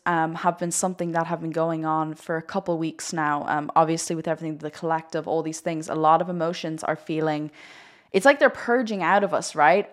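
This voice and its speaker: A woman hosting a spiritual livestream, talking straight to viewers in a giddy, laughing, rambling way. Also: on the low side. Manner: talks to viewers directly. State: one eye watering. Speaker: spiritual coach hosting a live video. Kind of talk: casual spiritual vlog on a livestream.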